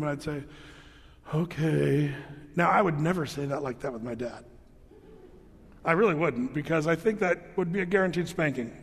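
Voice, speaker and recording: A middle-aged man preaches a sermon in a loose, storytelling way, often starting his sentences over. His voice sits high for a man. The sound carries the long reverb of a large church hall. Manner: conversational storytelling with many restarts. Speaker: pastor.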